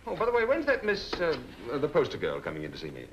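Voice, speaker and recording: An actor in a 1940s film playing a cheerful, flirtatious company boss who talks in a teasing, breezy way. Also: male voice, on the high side, wildly swooping pitch, quick pace, dull audio, background noise. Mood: joking. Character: cheerful, flirtatious male business executive.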